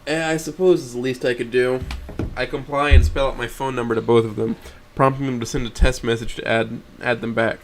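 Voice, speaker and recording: A man's voice: mid-range voice, steady tone, a little fast, slight background noise. A young man streaming, reading a story aloud in first person with blunt, profane asides. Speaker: streamer reading a visual novel.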